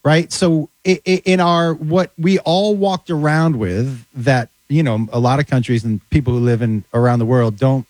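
A man's voice: medium pitch, steady tone, normal speed, hardly any pauses, a little mellow, dry recording. A man telling comic stories in casual chat, acting out the voices of people he quotes. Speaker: comedian guest.

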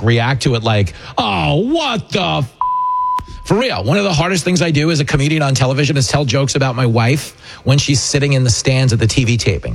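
Brief: husky-voiced middle-aged male talk radio host, sarcastic, mocking, ranting monologue. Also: mid-range voice.

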